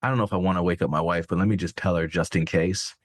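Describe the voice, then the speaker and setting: A man with a very low voice, telling a personal story in loose, candid talk as a podcast guest. He swears freely and leans on "like" and "man". The sound is dry and close. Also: fairly even intonation, fast, no room sound. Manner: casual, profane, many fillers like "man" and "like".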